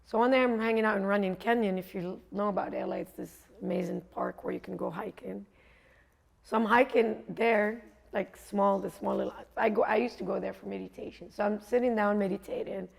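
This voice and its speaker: Gravelly-voiced woman telling her story. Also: medium pitch, fairly even intonation, brisk. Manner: casual, conversational, acts out dialogue. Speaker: coach and speaker. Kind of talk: storytelling motivational talk.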